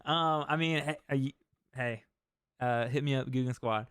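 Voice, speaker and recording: A man's voice: medium pitch, moderate pace, fairly bright tone, clean tone, no echo. A young man hosting a fishing livestream, chatting casually and reading viewer comments aloud with easy laughs. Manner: laid-back, reads viewer comments aloud, laughs easily. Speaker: fishing channel host.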